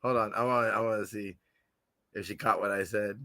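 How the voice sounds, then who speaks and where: A man hosting a fan podcast in a casual livestream chat, excitable and giggly with lots of slang, on a computer camera mic. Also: on the low side, brisk, dry recording.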